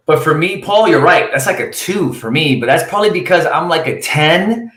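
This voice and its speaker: A man coaching cold calling live from his office, talking with high energy. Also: animated, normal speed, a bit bright, roomy sound. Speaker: sales coach.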